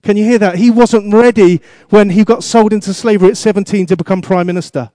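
A man's voice: sits high, fast, mellow, no room sound, studio quality. A man preaching a sermon as pastor, asking the congregation questions and repeating his exhortations.

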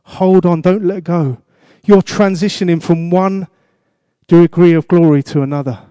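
A man's voice: high voice, fairly even intonation, a little slow, warm tone, clean tone, no room sound. A man preaching a sermon as pastor, asking the congregation questions and repeating his exhortations.

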